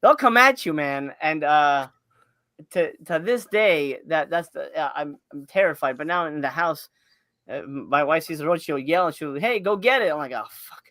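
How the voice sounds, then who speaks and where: Man from miami, podcast host, bright tense voice, profane joking, lots of uh and um. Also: fairly high pitch, expressive, normal speed, no echo. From Miami, United States. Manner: profane, joking, filler-heavy. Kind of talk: casual chat.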